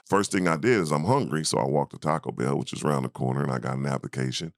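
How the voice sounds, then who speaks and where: In a relaxed interview, a former basketball player in his fifties recounts a story from his past in an extremely deep voice, talking fast. He plays the other characters with sudden higher, livelier voices. The recording is close and dry, with no echo.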